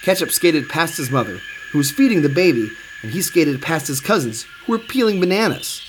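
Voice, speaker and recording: A man reading a children's storybook aloud, expressive and sing-song. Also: a little high, brisk. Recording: steady background noise.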